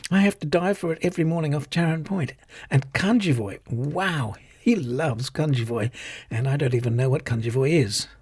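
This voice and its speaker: A man's voice: fairly high pitch, normal speed, a little mellow, slightly rough, dry recording. A man voicing a fussy, chattering young vegan woman who complains nonstop in a storybook reading. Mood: complaining. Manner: babbling, aggrieved.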